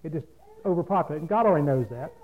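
A man's voice: fairly high pitch, expressive, very fast. A man preaching a folksy, plain-spoken sermon, often asking his listeners questions. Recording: phone-like lo-fi radio broadcast.

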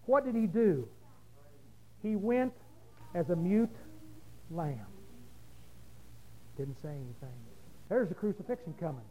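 High-voiced preacher giving a sermon. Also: male voice, rough recording. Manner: reads scripture then explains it, asking the listeners questions; swings between hushed low stretches and loud emphatic passages.

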